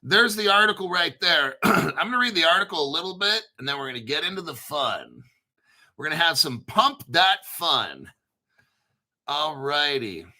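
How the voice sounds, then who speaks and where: An American man hosting a crypto channel, reading an article aloud and riffing on it in a rambling, profane, hyped-up way while clearing his throat. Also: on the high side, expressive, moderate pace, pushed and bright. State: throat clearing, using a cough drop. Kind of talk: casual video commentary reading an article.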